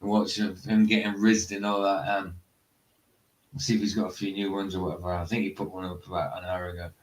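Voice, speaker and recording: A man's voice: low-pitched, level tone, brisk, rough recording. A man hosting a livestream, chatting casually to viewers in rambling asides. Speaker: livestream host. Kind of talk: casual live stream commentary.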